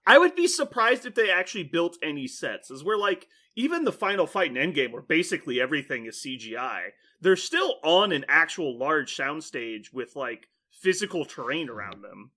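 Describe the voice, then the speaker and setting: Bright-voiced animated male podcast host. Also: a little high, normal speed, few pauses. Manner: animated storyteller, laughs often, rambling with many likes. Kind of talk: casual chat.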